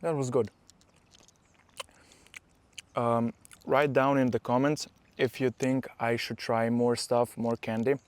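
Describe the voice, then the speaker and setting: A young man chatting to his viewers in a casual vlog, earnest and unpolished, stumbling through a few restarts as he goes. His voice sits at a middling pitch. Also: a little hiss or hum. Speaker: powerlifting vlogger. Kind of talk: casual vlog talk to camera.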